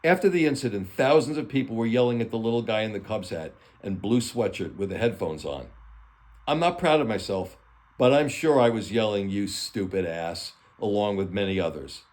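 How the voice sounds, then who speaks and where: Man author reading stories aloud, somewhat low voice, earnest and plain. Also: expressive, fairly quick, darkish tone. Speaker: author and channel host.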